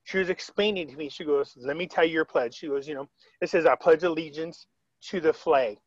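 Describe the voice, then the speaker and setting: A man with a somewhat high voice talks over a video call, rambling through a story and acting out what others said. The sound is dull and lo-fi. The room is dry. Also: fairly quick, no echo. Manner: rambling, retells quotes, frequent restarts. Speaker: interviewee.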